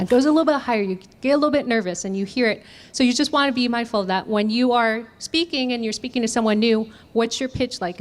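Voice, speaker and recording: A woman running a communication workshop, asking the audience questions and demonstrating voice techniques. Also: fairly high pitch. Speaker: communication trainer. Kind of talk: interactive workshop teaching.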